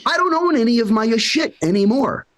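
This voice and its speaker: A man with a high, lively voice performs a stand-up set. His delivery is brash and profane, and he swings widely in pitch as he rants in exasperation. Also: moderate pace. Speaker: stand-up comedian.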